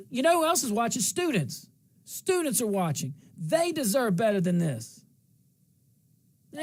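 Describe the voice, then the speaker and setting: This talk show host has a very high voice and a slight twang from central Louisiana. The middle-aged man delivers a folksy, rambling monologue, repeating phrases for emphasis.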